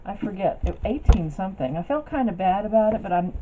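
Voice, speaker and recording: Speaking quickly with a lively, mid-range voice, this craft vlogger rambles through a casual show-and-tell, stumbling into fillers and restarts as she displays her projects on camera. The recording sounds muffled and lo-fi, with faint noise underneath.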